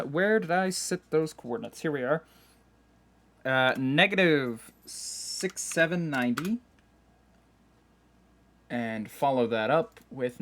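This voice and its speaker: A man streaming a game live, talking casually and joking at himself with frequent laughs, keyboard typing behind him. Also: mid-range voice. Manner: chatty, self-mocking, laughs often.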